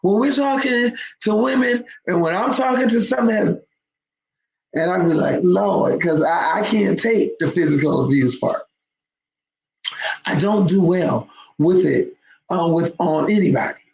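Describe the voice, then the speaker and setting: Host: woman with a gravelly edge, emphatic storyteller, roomy dull lo-fi recording. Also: on the low side, a little slow, pauses often, a little mellow. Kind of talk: storytelling talk to viewers.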